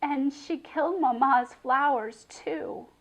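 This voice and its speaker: A woman's voice: slow, highs cut off. A woman voicing an angry, heartbroken young girl. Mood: shaky, sad. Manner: fierce whispered scolding, high and shaky.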